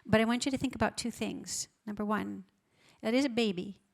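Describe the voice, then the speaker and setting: A woman giving an emphatic conference talk, stacking up words for effect and dropping to a soft, quiet voice when she tells a story. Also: mid-range voice, brisk, vocal fry. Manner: emphatic, builds up lists of words. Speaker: pro-life educator giving a conference talk. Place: large conference hall on stage.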